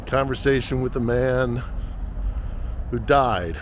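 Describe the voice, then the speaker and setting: A man's voice: mid-range voice, takes it slowly. Middle-aged man vlogging on a noisy street. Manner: reflective, conversational, thinking aloud. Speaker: vlogger and reporter. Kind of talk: walking vlog narration. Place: outdoors on city streets and in a market. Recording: noisy outdoor street ambience. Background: city traffic and street noise.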